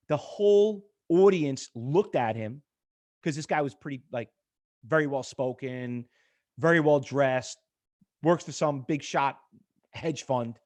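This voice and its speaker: A man's voice: medium pitch, takes it slowly. A middle-aged man teaching a live trading class over a chart on screen, telling stories and acting out quoted exchanges. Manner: animated, storytelling, acts out quoted exchanges. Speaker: trading instructor.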